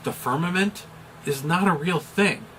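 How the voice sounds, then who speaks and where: A middle-aged American man, a chaplain, explaining a topic in a measured, deliberate way with some fillers. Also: fairly high pitch, fairly bright tone, slight background noise, poor audio. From United States. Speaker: chaplain and pastor. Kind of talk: explanatory video commentary.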